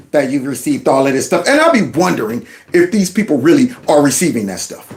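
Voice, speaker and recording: A man's voice: fairly high pitch, big pitch swings, fairly quick. Indignant, mocking middle-aged man. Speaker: commentary channel host, former school principal. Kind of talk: reaction commentary on news clips.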